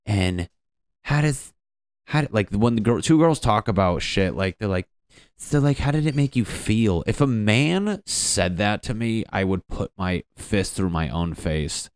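A man's voice: on the low side, very animated, measured pace, smooth, dry recording, clean studio sound. A young man doing a stand-up comedy bit, rambling and profane, acting out quotes as he goes.

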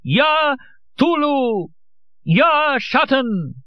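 A man voicing a hysterical, frenzied man who screams for a human sacrifice in a shrill voice. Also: wildly swooping pitch, measured pace, no room sound, highs cut off, exaggerated voice.

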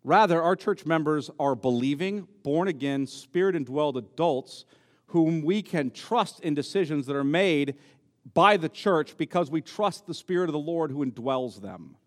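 A man preaching a sermon as pastor, emphatic and repeating key words for stress. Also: on the high side. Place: church sanctuary. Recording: long reverb of a church hall.

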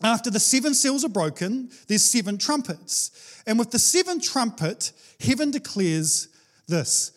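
A man with a notably high voice preaches a sermon. He reads passages aloud and unpacks them in a relaxed, animated manner, slipping into playful asides. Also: measured pace. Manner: animated, playful, acts out quoted voices with laughs.

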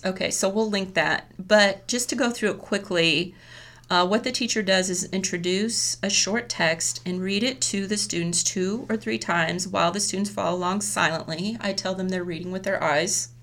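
A woman's voice: medium pitch, moderate pace, a bit bright. A woman elementary school teacher explaining a classroom method in a friendly, chatty way with frequent laughs. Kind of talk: casual professional chat.

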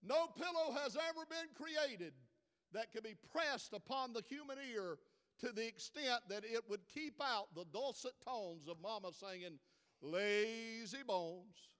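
High-voiced preacher in a big hall. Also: male voice, lively intonation, unhurried, a bit bright, clean tone. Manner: preaching with dramatic rises in volume. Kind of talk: sermon.

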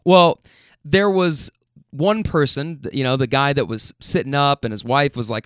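A man who drives for a rideshare app tells viewers about his riders in a casual, animated way, repeating himself and swearing freely. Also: medium pitch, normal speed, smooth, dry recording, clean studio sound.

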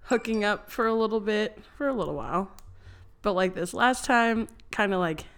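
A woman's voice: mid-range voice, lively intonation, normal speed, a bit bright, clear, resonant tone. A woman co-hosting a casual podcast, mostly bashful, with short teasing replies and occasional stories. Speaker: podcast co-host. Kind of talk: casual chat.

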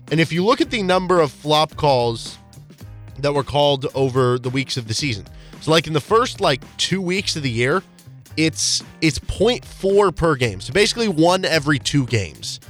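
A man co-hosting a sports talk show, casually rattling off stats and opinions in quick, animated bursts. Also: on the high side. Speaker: sports radio co-host.

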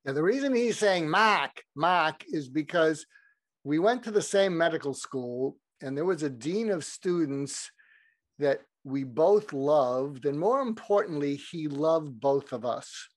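A man in his sixties talks as a podcast guest, reflective and candid. His voice sits a little high for a man, and the recording is dry and close with no room sound. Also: expressive, a little slow, dry recording. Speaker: guest psychiatrist. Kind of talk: casual interview.

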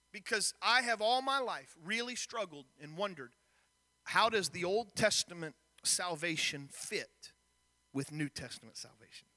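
A man's voice: sits high, bright, forceful tone, in a large hall. A man preaching a sermon in a church, reading scripture and questioning the congregation directly. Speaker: pastor. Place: church sanctuary.

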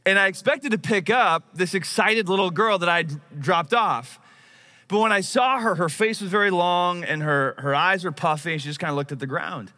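A man's voice: high-pitched, normal speed, bright, forceful tone. A man in his thirties preaching a sermon, telling a personal story in a conversational, self-deprecating way. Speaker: pastor.

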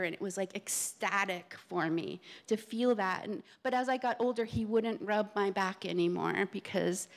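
A woman recounts a personal story from a theater stage, pausing often and restarting as she searches for the right words. Her pitch sits in an ordinary middle register.

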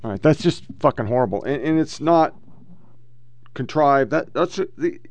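A man's voice: on the high side, expressive, normal speed, no echo. A man hosting a political podcast, ranting with heavy profanity and reading posts aloud. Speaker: podcast host.

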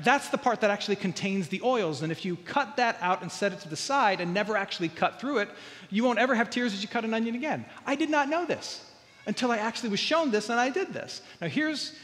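A man's voice: sits high, fairly bright tone, in a large hall. A man preaching a sermon, earnest, often repeating words and building to emphatic peaks. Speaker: pastor.

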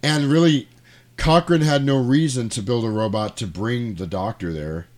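Brief: male podcast host, mid-pitched voice, lively casual film recap in a small studio. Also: moderate pace. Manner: animated retelling with sound effects and acted quotes. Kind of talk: casual movie recap chat. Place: home studio.

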